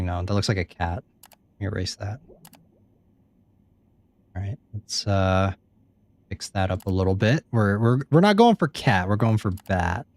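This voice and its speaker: Laid-back lowish-voiced gamer guy. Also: vocal fry, dry recording. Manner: joking, self-deprecating, swears freely. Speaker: gaming YouTuber. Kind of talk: casual gameplay commentary.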